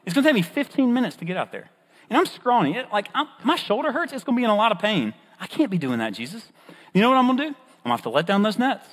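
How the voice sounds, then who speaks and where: A preacher acting out a reluctant, excuse-making fisherman, his husky voice jumping high in comic disbelief. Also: very animated, a little fast, a bit bright, exaggerated voice. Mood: incredulous, excuse-making. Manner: incredulous, pitch jumping high, comic pleading. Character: fisherman Simon, animated young man, reluctant and excuse-making. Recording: husky voice in a reverberant hall.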